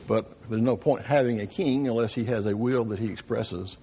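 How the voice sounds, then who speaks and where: A man leads an informal Bible class at church, speaking conversationally and often asking the room questions and checking in with "right?" His voice is low and mellow at a moderate pace, with slight background noise.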